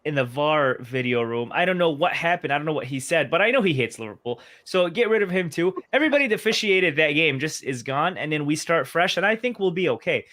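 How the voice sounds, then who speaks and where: Blunt ranting man, higher voice. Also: expressive, fast, hardly any pauses, fairly bright tone. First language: Arabic. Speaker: co-host. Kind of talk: casual podcast chat.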